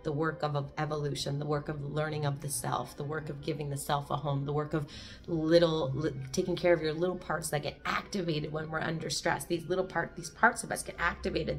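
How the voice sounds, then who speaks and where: A woman with a fairly low voice shares a daily meditation in an earnest, gently encouraging way. She sounds emotional, close to tears at times. Soft music plays faintly behind her. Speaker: host of a daily reflection video. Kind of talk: reading and reflecting on a daily meditation.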